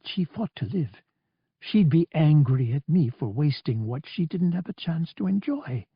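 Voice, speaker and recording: A man's voice: on the high side, expressive, unhurried, slightly rough, no room sound, lo-fi sound, heavily acted. A man reading an audiobook, raising his voice to play a young woman pilot who pleads, worried and angry. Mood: pleading. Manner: pleading and insistent.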